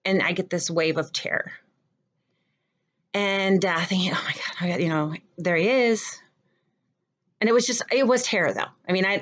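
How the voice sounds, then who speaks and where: A middle-aged woman with a fairly low voice tells a personal story as a theater professor. She acts out every exchange and lets her pitch leap up when she quotes others. Her delivery is animated and conversational. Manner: animated retelling, acting out dialogue with pitch jumps.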